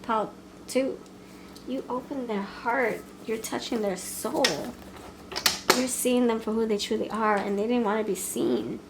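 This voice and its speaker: A woman's voice: fairly high pitch, animated, a little slow, noisy background. Playful chatty woman tarot reader. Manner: playful, chatty, laughs often, acts out quoted lines. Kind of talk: casual pick-a-card tarot reading.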